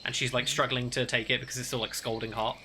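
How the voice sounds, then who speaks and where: A man's voice: medium pitch, little pitch movement, fast talker, background noise. A man, narrating a tabletop game as game master in a rambling, casual way full of filler words.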